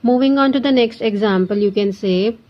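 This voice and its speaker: A young Indian woman teaching an English grammar lesson, explaining slowly and repeating the key points, with some Hindi mixed in. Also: a little high, lo-fi sound. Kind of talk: classroom lesson.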